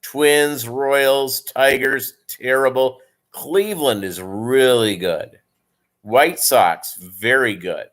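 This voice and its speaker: A man's voice: medium pitch, slow, a bit bright. A man who breeds fish, chatting casually and rambling on his live stream and calling viewers "gang".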